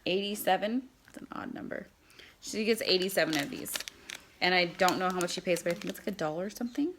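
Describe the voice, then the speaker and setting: A woman's voice: on the low side, fast talker, background noise. A woman giving a casual how-to demonstration, chatting as she packs and handles mail. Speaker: product seller.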